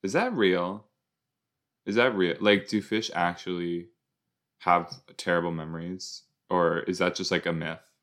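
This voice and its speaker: A man casually commenting while he watches a show, chatty and quick to exclaim or laugh. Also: deep voice, fairly even intonation, fairly bright tone. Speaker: reaction video host.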